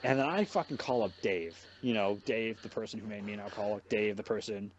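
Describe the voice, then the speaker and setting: A man's voice: lowish voice, fast talker, highs cut off, slight background noise. Swearing young man telling a rambling story. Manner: swears a lot, rambling and animated. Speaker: podcast host. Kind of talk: casual storytelling chat.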